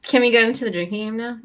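A young woman co-hosting a casual chat, recapping a show with lots of "um" and "like". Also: fairly high pitch. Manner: chatty, lots of fillers like "um" and "like". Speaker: co-host recapping a reality show.

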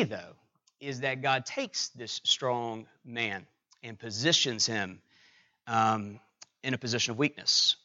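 A middle-aged man preaching a sermon, telling a personal story with many halting fillers and restarts. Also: medium pitch, sharp tone, highs cut off. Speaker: pastor.

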